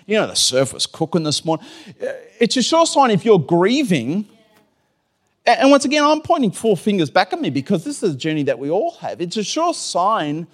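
A middle-aged man, preaching a sermon in a chatty, animated way, acting out his own inner voice and laughing often. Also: high-pitched. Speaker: pastor. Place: church.

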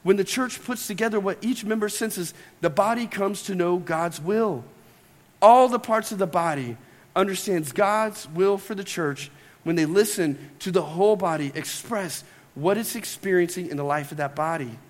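A pastor with a high voice delivers a chatty, lively sermon, bantering with his congregation between points. His voice rings out with a long reverb from the church hall around him. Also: normal speed. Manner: conversational, playful asides to the congregation. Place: church sanctuary.

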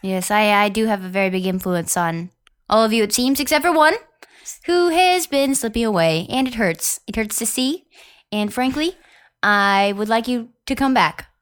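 A woman's voice: a little high, moderate pace, lightly acted. A woman playing a smug, petty Satan in an improv comedy scene, snide and sulky. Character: smug petty Satan, a catty old friend.

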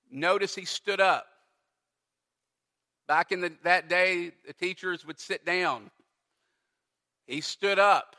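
A middle-aged pastor preaching a sermon with emphatic, dramatic pauses. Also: male voice, sits high, pushed and bright, big-room sound.

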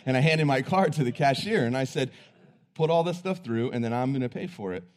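A man's voice: medium pitch, expressive, a little fast. A man preaching, telling a personal story in an earnest, conversational way. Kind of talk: sermon storytelling.

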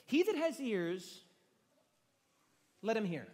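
A high-pitched male pastor delivers a sermon to a gathered room, his voice ringing with a long hall reverb. He preaches dramatically, pushing hard on key phrases and then dropping to a hushed near-whisper. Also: very animated, takes it slowly.

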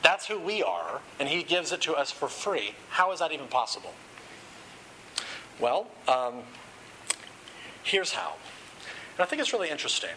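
A man preaching a sermon in a quick, casual way, asking rhetorical questions and joking aside, then reading a story aloud. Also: on the high side, very animated, sharp tone, slight background noise, low-quality recording. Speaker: pastor.

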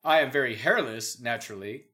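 A man's voice: mid-range voice, fairly quick, bright, forceful tone. A man co-hosting a casual podcast, teasing his friends, swearing freely and laughing often. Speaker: podcast co-host.

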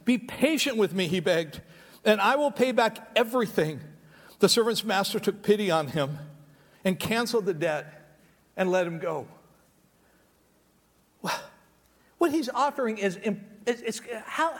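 A man preaching a sermon, reading scripture and breaking off into animated, conversational asides to the congregation. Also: sits high, unhurried, long pauses. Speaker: pastor. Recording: long hall reverb.

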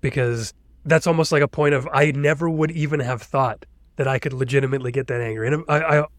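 A man's voice: medium pitch, fairly even intonation, fast, no room sound, studio quality. A man hosting a podcast, responding with enthusiasm and thinking aloud in casual conversation. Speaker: podcast host. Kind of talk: casual interview talk.

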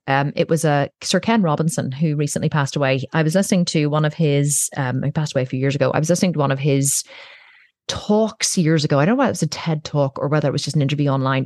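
A woman's voice: low-pitched, a little mellow, no echo, studio quality. A woman guest on a podcast, talking candidly and telling stories with the odd swear word. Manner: candid storytelling, casual swearing. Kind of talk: conversational podcast interview. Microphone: own podcast microphone.

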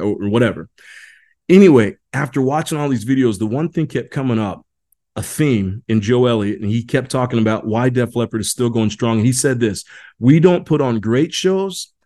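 A man of middling pitch talks loosely to a group over a video call. He often stumbles and repeats his words as he tells a story. Later he shifts to reading a passage aloud. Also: a little mellow. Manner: chatty, restarts and repeats words. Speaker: leadership series presenter. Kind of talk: informal talk on a group call, then reading an article aloud.

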